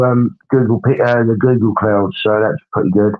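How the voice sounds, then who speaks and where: A low-voiced man hosts a casual livestream and rambles as he sorts out uploads. He keeps checking himself with tag questions. His audio is dull and lo-fi. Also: little pitch movement, normal speed. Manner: rambling, adds tag questions, talks through tasks. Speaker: livestream host.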